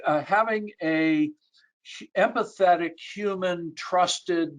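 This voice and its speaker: A man on a video call, explaining research with a measured, factual delivery. His voice sits somewhat higher than most men's. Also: poor audio. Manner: measured, data-citing. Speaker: industry analyst panelist. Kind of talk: webinar panel talk.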